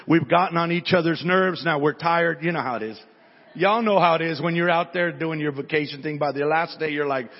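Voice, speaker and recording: Man preaching, husky voice in reverberant hall. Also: fairly high pitch. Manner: conversational, repeats words when starting sentences. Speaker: pastor. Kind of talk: sermon with storytelling. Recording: dull sound with long hall reverb.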